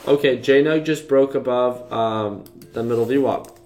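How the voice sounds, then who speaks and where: Casual market commentary comes from a young man hosting a trading livestream for live viewers; he moves through charts loosely, with frequent fillers and restarts. His voice is medium-pitched and a little mellow, at a moderate pace.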